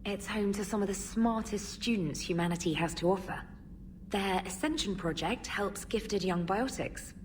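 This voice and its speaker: An actress playing a brisk, helpful female communications officer on a starship in a video game, heard from a distance. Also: mid-range voice, slight background noise, lightly acted. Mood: briefing.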